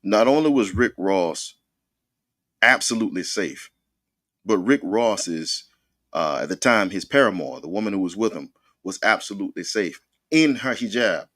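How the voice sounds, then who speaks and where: A man with a low, grounded voice co-hosts a casual talk radio show. He tells stories in an animated way and laughs often. The sound is dry and close, with no room around it. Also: normal speed, dry recording. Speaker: co-host. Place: radio studio.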